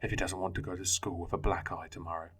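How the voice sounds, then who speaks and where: A man voicing a harsh foster father who shouts and growls scornful threats. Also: low-pitched, little pitch movement, fast, slightly rough, exaggerated voice. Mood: angry.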